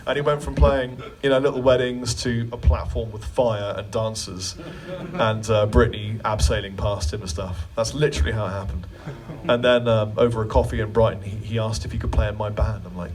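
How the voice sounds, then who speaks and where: A man's voice: fairly low pitch, fairly even intonation, fairly quick, hardly any pauses, darkish tone, recorded from a distance. A man leading a guitar clinic in a music store, answering questions in a chatty, joking way. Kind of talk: live clinic Q&A storytelling.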